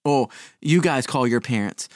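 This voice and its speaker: An excitable tabletop player who jokes around in character. The voice is mid-pitched and the recording is dry and close. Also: moderate pace, no room sound. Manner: joking, excitable.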